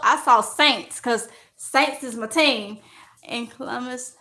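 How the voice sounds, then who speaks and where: A woman from Mississippi with a Mississippi accent, chatting loudly and outspokenly as a vlogger answering viewer comments. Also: on the high side, a little slow. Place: at home while organizing. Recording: echoey room.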